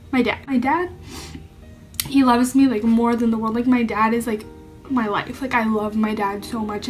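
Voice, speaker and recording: A young woman speaking to camera, telling a personal coming-out story with lots of "like" and moments of tears. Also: on the high side. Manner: heavy use of "like", emotional and tearful at times. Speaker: vlogger.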